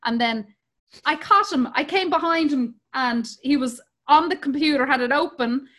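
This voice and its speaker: An Irish woman in her forties, chatting casually and telling profane, lively stories about her kids. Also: high voice, normal speed. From Ireland. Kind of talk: casual chat.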